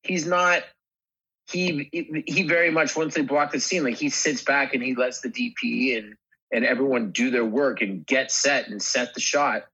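A man, an actor, chatting in an interview, halting and restarting his sentences often. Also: medium pitch, fairly even intonation, bright, forceful tone, husky, lo-fi sound. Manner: halting, many restarts and fillers. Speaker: actor guest. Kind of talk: casual interview chat.

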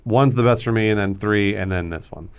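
A man's voice: lowish voice, fairly quick, clear, resonant tone. A man on a movie podcast, giving his opinions hesitantly with many restarts. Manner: hesitant, full of restarts and fillers. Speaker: podcast co-host. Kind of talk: casual movie chat.

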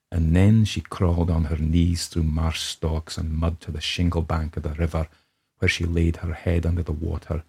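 A man's voice: rumbling low, darkish tone, husky, heavily acted. A man reading a ghost story aloud as a grave first-person narrator, putting on a Scottish accent. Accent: put-on Scottish. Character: brooding Scottish man telling his tale.

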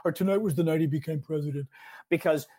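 A man co-hosting a podcast, talking in a rambling, chatty way about politics and quick to agree with his partner. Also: on the high side, dark tone, breathy edge. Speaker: podcast co-host. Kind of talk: casual political chat.

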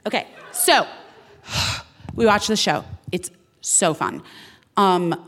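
A woman's voice: mid-range voice, animated, slow pace, a bit bright. A woman in her forties hosting a podcast, telling a story in casual chat, laughing, swearing freely and acting out what people said. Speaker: podcast host.

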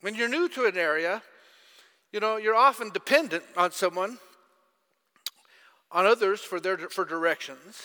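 Casting: bright, sharp-voiced male pastor, storytelling sermon, echoey church hall. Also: high-pitched, moderate pace, pauses often. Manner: storytelling, asks audience questions.

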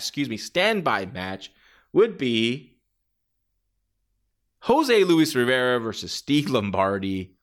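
Male, casual monologue, rambling and animated, mid-range pitch, slips into shouted impressions. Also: takes it slowly. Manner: rambling, animated, acts out quotes in a raised shouty voice. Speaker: wrestling fan commentator. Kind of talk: casual podcast-style monologue.

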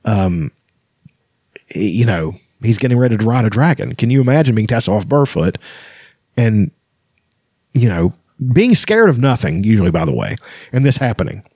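A man's voice: on the low side, very animated, normal speed, long pauses, darkish tone, husky, no room sound, studio quality. A man in casual conversation about a fantasy novel, chatty and enthusiastic, reading out passages between remarks. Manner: chatty, enthusiastic, many fillers and restarts. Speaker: podcast host. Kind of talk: casual book discussion with read-aloud passages.

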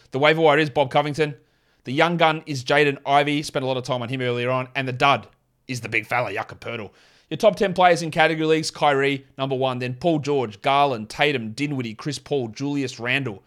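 A man's voice: medium pitch, a bit bright. Australian man rattling off basketball analysis. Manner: quick, rambling analysis with restarts. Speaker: podcast host. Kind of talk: fantasy basketball podcast talk.

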